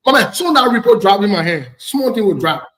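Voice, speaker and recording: A man's voice: high-pitched, sing-song, brisk, a bit bright, roomy sound. A man from Liberia with a Liberian English accent, hosting a casual talk show and speaking bluntly, repeating phrases to press his point. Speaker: host.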